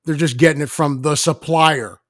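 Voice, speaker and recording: A man's voice: a little high, fairly even intonation, normal speed, a bit bright, no echo, studio quality. A married man co-hosting a casual food podcast, easygoing, often repeating words as he starts. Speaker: podcast co-host. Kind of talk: casual chat.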